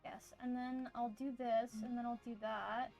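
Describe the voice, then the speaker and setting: A woman's voice: fairly high pitch, little pitch movement, moderate pace, creaky, darkish tone, dull audio, soft background music. A woman with a Southern US accent, chatting casually on a stream as she draws, thinking aloud and explaining things to her chat.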